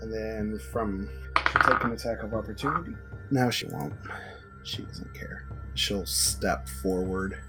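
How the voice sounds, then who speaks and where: A man narrating as game master of a tabletop game, casual and halting. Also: fairly low pitch, loud music behind the voice, low-quality recording.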